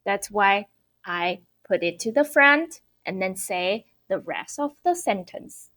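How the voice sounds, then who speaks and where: Lively, slow-spoken woman teaching Mandarin. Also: medium pitch. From Taiwan. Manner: cheerful, explains slowly and repeats phrases. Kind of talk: online language lesson.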